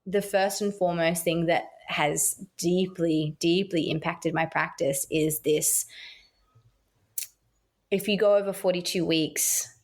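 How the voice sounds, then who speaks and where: Aussie woman telling midwife stories on a podcast, bit low voice, acts out the voices. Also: slow. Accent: Australian. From Australia. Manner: earnest, animated storytelling with quoted voices. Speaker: guest midwife. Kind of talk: podcast interview.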